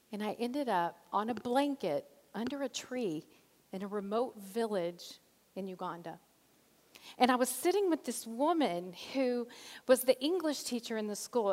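A middle-aged woman, a church missions leader, giving an earnest, story-driven teaching talk. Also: medium pitch. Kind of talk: sermon-style teaching talk. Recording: long reverb of a large hall.

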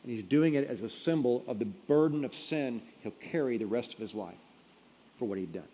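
A man preaching a sermon in a mellow, dark voice, building to loud emphatic peaks before falling to a hush. His voice rings out through a large hall with a long reverb tail. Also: mid-range voice, animated, normal speed, breathy edge. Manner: storytelling, building to emphatic peaks then dropping quiet. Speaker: pastor.

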